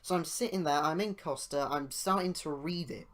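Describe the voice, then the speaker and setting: A man's voice: a little high, normal speed. Rambling British man telling stories. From United Kingdom. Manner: rambling, goes off on tangents; grows loud and indignant while retelling. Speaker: podcast host. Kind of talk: casual storytelling podcast.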